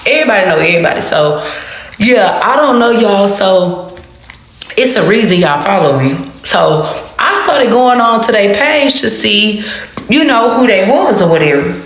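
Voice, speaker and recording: A woman telling a personal story to her viewers in a casual storytime, animated and heavily profane, repeating phrases for emphasis. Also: medium pitch, moderate pace. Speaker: storytime vlogger. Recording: very echoey room.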